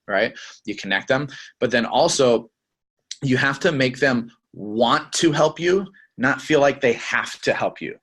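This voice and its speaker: A young man giving a casual sales training talk, acting out quick lines of customers and reps as examples. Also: medium pitch, a bit bright, slightly rough. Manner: conversational, acts out customer and rep lines.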